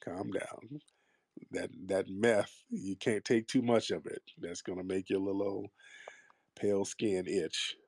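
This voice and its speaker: A man's voice: low-pitched, steady tone, measured pace, a little mellow, breathy edge, dry recording, studio quality. A man hosting a call-in talk show, blunt and combative, mocking his callers. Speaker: host.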